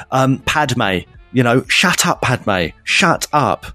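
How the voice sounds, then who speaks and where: A man on a casual podcast, ranting in mock outrage at a quick clip. He stumbles into repeated words as he goes, and his pitch sits in the ordinary middle range for a man. The recording is dry and close, with faint music underneath. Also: sing-song, sharp tone, dry recording. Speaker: podcast co-host. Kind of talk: casual chat, mock rants.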